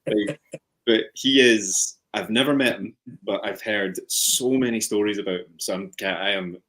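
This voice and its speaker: A man's voice: fairly low pitch, measured pace, fairly bright tone, low-quality recording. A man who is a whisky brand ambassador, a guest on the show, telling stories in an easygoing, self-deprecating way. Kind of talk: casual anecdote-telling.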